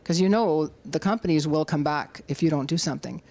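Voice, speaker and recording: A middle-aged Canadian woman, an activist speaker, gives an animated public talk in a community hall, rallying her audience. She speaks briskly and acts out quotes in a high voice.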